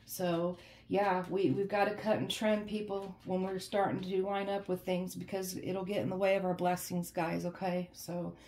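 A woman tarot reader gives a casual reading to her viewers at home with a cat nearby, chatty but emotionally shaken and holding back tears, often ending phrases with "okay?" and "guys." Her voice is low-ish and darkish with little pitch movement, at normal speed. The room is echoey, with a slight hiss or hum.

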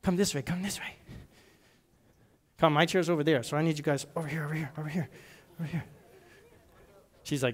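Man, children's sermon, lively coaxing delivery, higher voice, church sanctuary. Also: a little fast, long pauses. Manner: lively, coaxing, leading kids in call-and-response. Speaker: pastor leading a children's message. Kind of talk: children's sermon, reading a story aloud.

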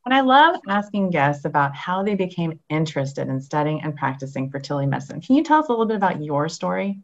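Fast-talking low-voiced woman host. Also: sing-song, highs cut off. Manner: upbeat, reads guest bio enthusiastically. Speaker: podcast host. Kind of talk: interview introduction and questions.

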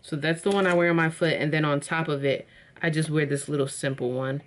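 A chatty woman with a slightly low voice, showing off gifts to her viewers. She talks casually and calls them y'all. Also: steady tone, a little fast, slight background noise. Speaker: vlogger. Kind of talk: casual unboxing chat.

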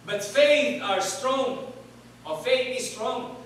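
High-voiced male preacher in an echoey hall. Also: takes it slowly, fairly bright tone, far from the mic, a little hiss or hum. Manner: call-and-response, asks congregation to repeat words. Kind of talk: sermon. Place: church hall.

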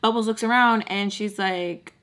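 A young woman telling a storytime at home while doing her makeup. She talks in a chatty, animated way, leans on "like," and repeats phrases for emphasis. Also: medium pitch, moderate pace. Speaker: storytime vlogger. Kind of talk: casual storytime chat.

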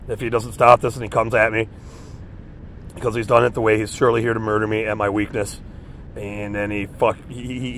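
Agitated man, rambling monologue, recorded outside with faint traffic rumble. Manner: agitated, rambling, repeats himself. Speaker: vlogger. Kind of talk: rambling monologue reading news headlines. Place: outdoors in a park.

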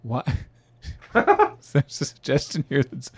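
Animated man hosting a podcast panel. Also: medium pitch, normal speed. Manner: animated, laughing often, reads out suggestions. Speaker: podcast host reading listener suggestions. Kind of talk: casual panel chat.

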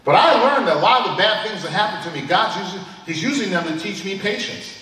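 Lively older man preaching in an echoey hall. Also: high-pitched, fast. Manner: conversational storytelling, chuckles often. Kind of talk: sermon with personal anecdotes. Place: church hall. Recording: echoey hall from a distant mic.

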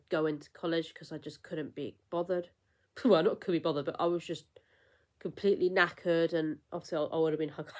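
Young woman vlogger, low-ish voice, rambling, emotional casual chat. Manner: rambling, emotional, with frequent fillers and laughs.

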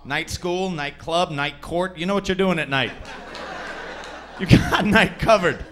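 A man's voice: high-pitched, unhurried, a bit bright, some chatter behind, slight background noise. A man performing a stand-up comedy set on a comedy club stage, brash and crude, teasing the audience as he goes.

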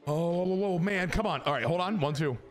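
A young man streaming a baseball video game, joking, swearing and shouting at big plays over game music. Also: on the high side, a little fast. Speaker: gaming streamer. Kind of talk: excited video game commentary. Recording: game music playing behind.

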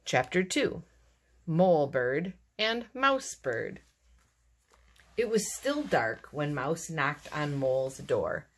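A woman reading a children's storybook aloud in a lively, expressive way. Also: deep voice, slow pace. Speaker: narrator.

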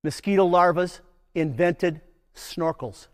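A man's voice: high-pitched, slow pace, big-room sound. An older man, a nature educator, leading a playful children's program full of call-and-response chants.

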